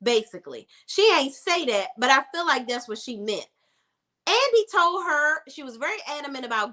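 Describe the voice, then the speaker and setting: A woman's voice: high voice, big pitch swings, normal speed, bright, forceful tone. A young woman recapping a TV episode in a casual, sassy, emphatic way, repeating words for emphasis. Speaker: TV show reviewer.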